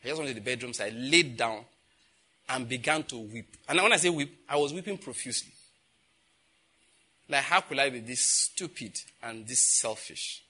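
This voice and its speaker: A man in his fifties with a Nigerian accent, a pastor preaching and telling personal stories, growing loud and emphatic when he acts out conversations. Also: mid-range voice, moderate pace, slightly rough. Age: 50s. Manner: animated storytelling, grows loud and emphatic when acting out dialogue.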